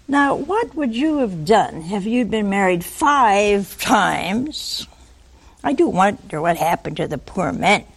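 Older lady preaching slow, voice swoops up and down, acts out the people in the story. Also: medium pitch. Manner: lively storytelling, acts out voices, asks listeners questions. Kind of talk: sermon.

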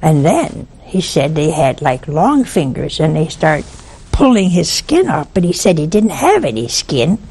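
A woman's voice: sits low, very animated, measured pace, mellow, husky. A woman speaking on a religious broadcast, telling a story in an earnest, emphatic way and repeating lines for effect. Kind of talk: preachy storytelling talk.

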